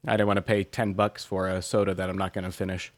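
A middle-aged man hosting a laid-back podcast, wry and quick to laugh. His voice sits low and sounds dry and close, with casual swearing. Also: flat delivery, dry recording. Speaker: podcast co-host. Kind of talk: casual chat.

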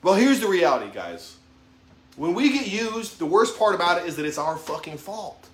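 A man's voice: high-pitched, sing-song, moderate pace, fairly bright tone. Blunt, swearing man in his thirties. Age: 30s. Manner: blunt, heavy swearing, emphatic, self-revealing. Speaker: motivational vlogger. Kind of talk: profane motivational monologue to camera. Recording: echoey room.

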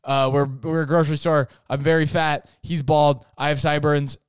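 A man's voice: fairly high pitch, animated, rapid-fire, no room sound, studio quality, close to an everyday voice. A man doing a flustered, apologetic store manager.

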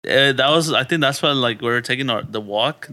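Bright-voiced young guy telling stories. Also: medium pitch, brisk. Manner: laid-back storytelling, swears a lot, says "dude" and "bro". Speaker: podcast co-host. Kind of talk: casual podcast chat.

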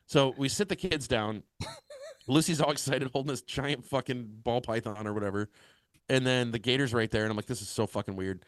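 A man's voice: medium pitch, fairly quick, no room sound. A man in his thirties, a podcast co-host, telling a rambling, profane story in casual chat.

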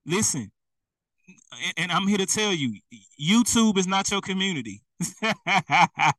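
Emphatic, lively, bright-voiced male preacher. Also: sits high, unhurried, no echo, recorded from a distance, poor audio. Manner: emphatic, repetitive, addresses listeners directly. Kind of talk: sermon.

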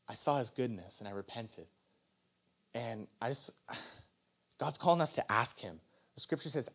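A young adult man preaching a sermon to a live church audience, telling a personal story candidly and laughing often. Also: lowish voice. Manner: candid, storytelling, self-deprecating with frequent laughs.

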